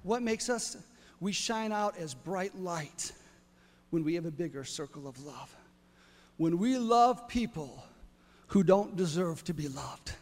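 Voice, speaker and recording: A male preacher telling a story in a sermon, building to loud exclamations. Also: high voice, lively intonation, measured pace, in a large hall.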